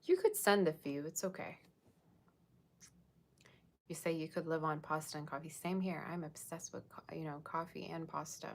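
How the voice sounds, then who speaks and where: A woman's voice: low voice, normal speed, pauses often. A woman giving a casual, rambling livestream tarot reading, chatting with viewers and thanking them by name. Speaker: tarot reader.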